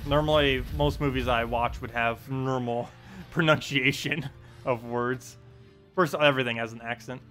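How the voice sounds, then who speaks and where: Bright-voiced New Jersey man rambling. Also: medium pitch, fairly even intonation, moderate pace, soft background music. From United States. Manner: rambling, many ums and uhs, chuckles at himself. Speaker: game streamer. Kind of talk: casual live gameplay commentary.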